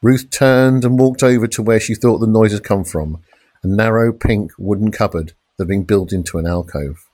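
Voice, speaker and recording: A man reads a police thriller in steady, dramatic narration. His voice sits on the low side and sounds dry and close, with no room around it. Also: dry recording. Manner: measured, dramatic crime reading with shouted police lines. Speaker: audiobook narrator. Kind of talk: scripted narration.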